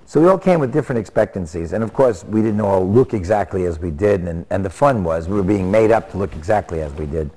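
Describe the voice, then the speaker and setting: Deep-voiced man, halting and searching for words. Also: expressive, warm tone. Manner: halting, full of fillers and restarts. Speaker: actor from a classic sitcom. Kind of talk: interview reminiscence.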